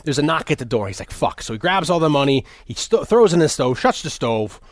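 A man with a somewhat high voice excitedly walks through a movie plot, putting on little voices for the characters and stumbling over his words. The sound is dry and close, with no room echo. He curses casually as he talks. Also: quick pace. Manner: animated retelling, acting out lines, frequent restarts and profanity.

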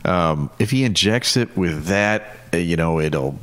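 A deep-voiced man co-hosting a comedy podcast, his voice dropping very low yet still moving around a lot in pitch. He is wry and quick to toss in a joke. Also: lively intonation, a bit bright. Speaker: podcast co-host. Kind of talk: casual comedic chat.

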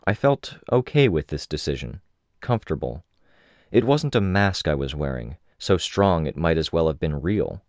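A man reading a novel aloud in the first person, with measured, even storytelling. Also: extremely low pitch, dry recording, studio quality. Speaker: audiobook narrator.

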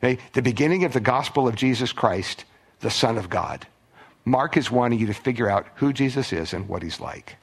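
A man's voice: mid-range voice, expressive, brisk, slightly rough. A man preaching a sermon as pastor, conversational, with restarts and acted-out quotes. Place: church.

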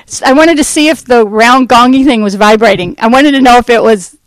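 A woman giving a personal faith testimony to a church audience, telling her story in a rambling, animated way and acting out what people said. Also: a little high, a little fast, hardly any pauses, rough recording. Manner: animated storytelling that acts out quoted speech; rambling, with fillers and restarts. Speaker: Christian ministry speaker.

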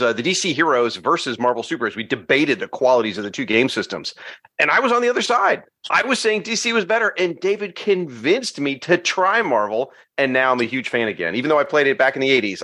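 A man joining a tabletop game over a video call, excited and enthusiastic, laughing often. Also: medium pitch, dry recording. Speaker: podcaster and player. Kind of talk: casual chat.

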